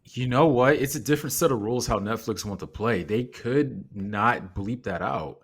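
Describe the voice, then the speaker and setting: A man in casual wrestling chat, talking in an excited, conversational way. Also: medium pitch, normal speed, breathy edge. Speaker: podcast co-host.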